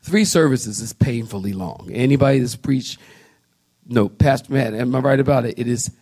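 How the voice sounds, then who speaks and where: Animated storytelling preacher man. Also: medium pitch, normal speed. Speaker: pastor. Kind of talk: sermon. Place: church sanctuary.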